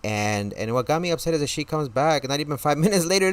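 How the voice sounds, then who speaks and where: A man telling a story casually on a live stream, swearing often and stammering through restarts, his voice jumping high and loud when he reenacts his outrage. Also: animated, fast, clean tone. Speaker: gaming streamer.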